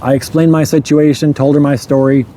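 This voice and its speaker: A man telling a true story from his own life in a casual way, chuckling at his mishaps and stumbling over words as he rushes ahead. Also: on the high side, fairly even intonation, mellow, a little hiss or hum.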